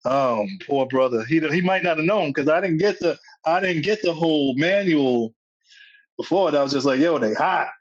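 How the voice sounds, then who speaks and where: Recorded dry and lo-fi, this comedian has a fairly high voice and a moderate pace. Guesting on a podcast, he tells stories animatedly in relaxed conversation, performing quotes with street slang.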